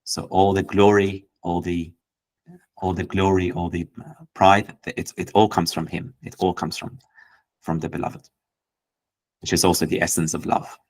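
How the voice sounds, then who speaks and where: Man, very deep voice, host explaining poetry, gentle, searching, restarts phrases. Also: little pitch movement, moderate pace, long pauses, poor audio. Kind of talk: reflective teaching talk.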